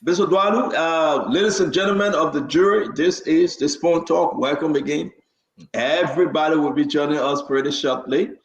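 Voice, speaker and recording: A man's voice: on the high side, normal speed, echoey room, lo-fi sound. A man hosting a live talk show and greeting viewers by name, stumbling over hard names as he reads them out. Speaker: show host and preacher. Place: New Jersey area.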